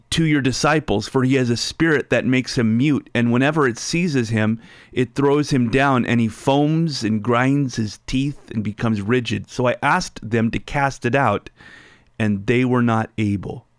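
A male pastor delivering a sermon at a slow, unhurried pace. He reads scripture aloud and then explains it line by line. His voice sounds close and dry, with little room echo. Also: medium pitch.

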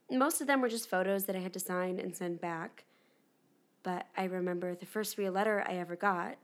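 A woman's voice: medium pitch, fairly bright tone, natural voice. An actress playing a candid, rattled young female pop star in her twenties, rambling with lots of "like" in a dramatic monologue. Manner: chatty, rambling, lots of "like" fillers. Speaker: actor in an audio drama.

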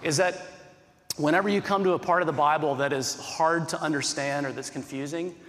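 A man's voice: on the high side, steady tone, a little fast, fairly bright tone, long reverb tail. A male pastor preaching a sermon in an earnest, conversational way, asking many rhetorical questions.

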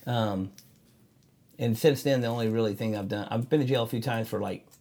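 A man's voice: lowish voice, fairly quick, vocal fry. A man, owner of a tattoo shop, telling stories in casual chat, swearing freely and acting out the voices of people he quotes. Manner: animated storyteller, acts out quoted voices; swears freely, many fillers.

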